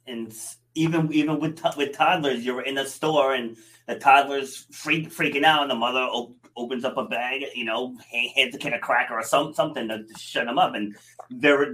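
A middle-aged man coaching clients, speaking in a bright, ringing voice. He talks casually, tells family stories, and often laughs as he speaks. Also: mid-range voice, moderate pace. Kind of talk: casual conversation.

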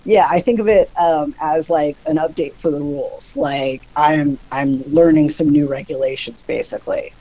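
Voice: medium pitch, steady tone, normal speed, hardly any pauses, mellow, muffled recording. A podcast guest talking casually, explaining ideas at length and thinking aloud with fillers along the way.

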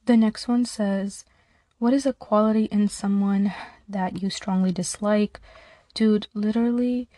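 Young female podcaster, animated and joking, medium voice, dry room. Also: mid-range voice, measured pace, no room sound. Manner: animated, playful, rambling. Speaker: podcast host. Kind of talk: casual solo chat.

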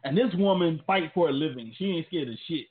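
Male co-host for casual chat, slangy storyteller, a bit high, phone-thin audio. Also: animated, fairly quick. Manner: loose, rambling storytelling, slangy. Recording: tinny phone-like sound.

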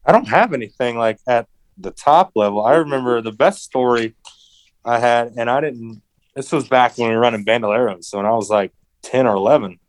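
Animated man telling a story, dry sound. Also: mid-range voice, brisk, no echo, rough recording. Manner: animated, acts out quotes, swears freely. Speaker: interview guest, racing driver. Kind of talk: casual storytelling.

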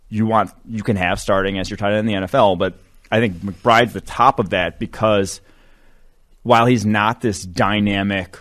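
A man's voice: lowish voice, a bit bright. A man co-hosting a sports podcast, talking loosely and rambling with lots of fillers. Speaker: podcast co-host, draft analyst. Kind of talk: casual sports podcast chat.

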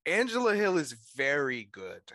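A man's voice: a little high, huge pitch swings, moderate pace, bright, forceful tone, no room sound. A man co-hosting a casual sports podcast, laid-back and teasing, laughing easily. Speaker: podcast co-host.

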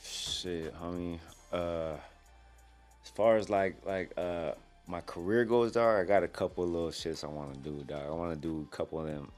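A man's voice: deep voice, moderate pace, darkish tone, faint music behind. A young man, a guest fighter talking laid-back in heavy street slang. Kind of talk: casual interview chat.

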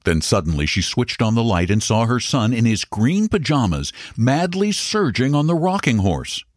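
A man narrating a story in a measured, dramatic way, slowing down for suspense. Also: mid-range voice, very animated, no echo, studio quality.

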